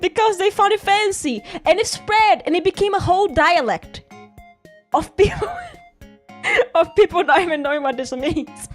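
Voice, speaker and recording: A woman's voice: very high voice, moderate pace, soft background music. A woman streaming, chatting and rambling through a story in English, laughing often. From Brazil. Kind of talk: casual rambling stream chat.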